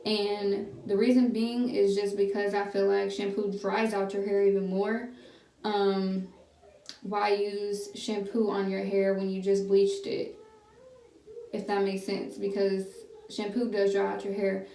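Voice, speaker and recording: A woman's voice: medium pitch, flat delivery, unhurried, warm tone. A young woman, chatting casually through a hair tutorial, rambling with lots of fillers and restarts, filmed on a phone at home. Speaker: hair vlogger. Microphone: phone camera. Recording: roomy, slightly distant phone recording with faint background hum.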